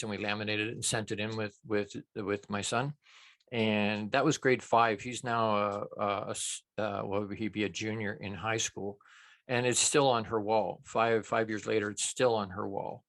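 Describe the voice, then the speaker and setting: A middle-aged man hosting a show, giving a rambling motivational talk full of restarts that grows more animated as he warms up. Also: mid-range voice. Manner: rambling, many restarts, rises when excited. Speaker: show host.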